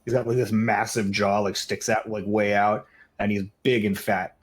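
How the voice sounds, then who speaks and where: A man's voice: fairly low pitch, flat delivery, moderate pace. A man narrating a tabletop game as game master, casual and rambling, with lots of "like" fillers.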